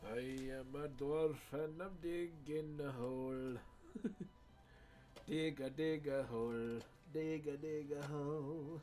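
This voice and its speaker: A man's voice: a little high, extremely slow, long pauses, dark tone, faint music behind. Man voicing a cheerful dwarf in a Scottish brogue, chanted in a sing-song way; light, raised tone. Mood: playful. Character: jolly Scottish-sounding male dwarf digging.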